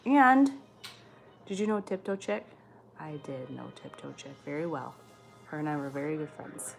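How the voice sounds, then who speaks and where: A woman's voice: deep voice, normal speed, vocal fry, soft background music. Blunt, foul-mouthed chatty woman. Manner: blunt, swears freely, chatty and animated. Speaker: livestream host reading viewer comments. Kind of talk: casual chat.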